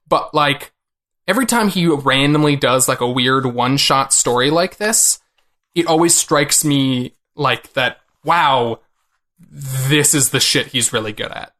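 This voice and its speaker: A man's voice: mid-range voice, measured pace, bright, forceful tone. Man, podcast co-host, casual chat, rambling, lots of fillers.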